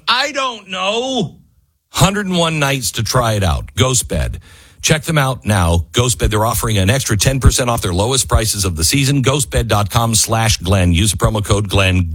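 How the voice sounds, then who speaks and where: A man hosting a talk radio show, delivering a fiery political monologue and quick ad reads. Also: mid-range voice, husky, no room sound. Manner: fiery, rising to near-yelling, then quick ad reads.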